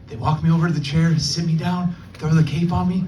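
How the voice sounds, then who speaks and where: A young adult man performing a stand-up set, telling a story and quickly slipping into the voices of people he quotes. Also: on the high side, little pitch movement, dark tone, a little hiss or hum. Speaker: stand-up comedian. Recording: distant mic, faint room ambience.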